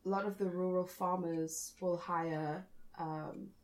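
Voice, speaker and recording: A woman's voice: fairly low pitch, steady tone, takes it slowly, a little mellow, poor audio. A young woman with a South African accent, chatting casually as a podcast guest in a self-deprecating way.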